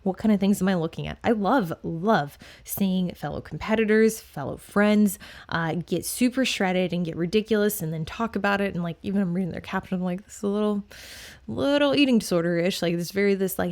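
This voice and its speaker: Young woman doing a solo fitness podcast, blunt, swears a lot, rambly with lots of "like", medium-pitched voice. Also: a little mellow. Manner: frank and blunt, swears casually; rambling, many fillers.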